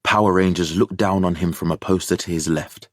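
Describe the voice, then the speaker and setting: Male audiobook narrator, measured delivery, very deep, dry studio sound. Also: steady tone, no room sound.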